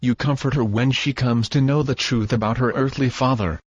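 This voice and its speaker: A man reading the part of a grieving, tender old grandfather in a storybook, husky and solemn. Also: mid-range voice, steady tone, fairly quick, dry recording, dull audio, natural voice. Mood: sorrowful.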